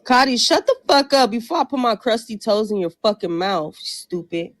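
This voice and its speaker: A woman hosting a live audio chat room, brash, profane and joking, her voice rough and low from just waking up. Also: animated, normal speed, no echo, studio quality. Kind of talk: casual chat.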